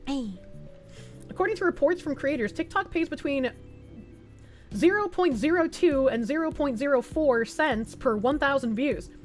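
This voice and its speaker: High-voiced sarcastic woman streamer. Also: animated, moderate pace, soft background music. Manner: sarcastic, blunt, swears, laughs often. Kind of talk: reading and reacting to an article.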